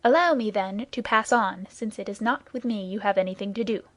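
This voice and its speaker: A woman's voice: mid-range voice, brisk, a bit bright, dry recording, natural voice. A woman doing a cool, commanding foreign lord. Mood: dignified.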